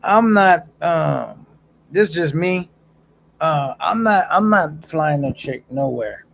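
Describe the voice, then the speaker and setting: A man's voice: a little high, animated, takes it slowly, creaky. A man casually chatting on a live stream, reading viewer comments aloud in a laid-back, slangy way and laughing often.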